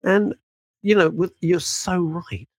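A man's voice: high voice, slow pace, slightly rough, no echo. A man, a veteran broadcaster talking as a guest in a podcast interview, emphatic and full of asides. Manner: animated, emphatic, frequent laughs and asides.

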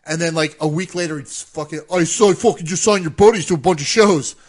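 Man, forties, high voice, profane, animated storyteller, casual chat. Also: brisk. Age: 40s. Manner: profane, animated storytelling, acting out both sides of an argument. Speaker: comedian telling a story.

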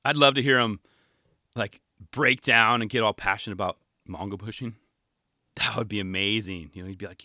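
A man hosting a podcast in casual, rambling chat, animated and self-deprecating. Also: fairly low pitch, moderate pace, no echo, clean studio sound. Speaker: podcast host.

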